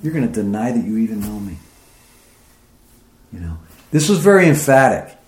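A man's voice: very animated, moderate pace, darkish tone. Man preaching scripture in an echoey room. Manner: reads scripture aloud then comments, rising in pitch as he grows emphatic. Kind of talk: sermon reading and explaining scripture.

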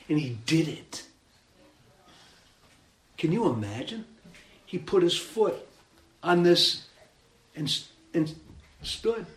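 A man preaching a sermon, animated and emphatic, acting out the story as he tells it. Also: fairly high pitch, slow pace, pauses often, reverberant. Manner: animated, acts out the scene with rising emphasis.

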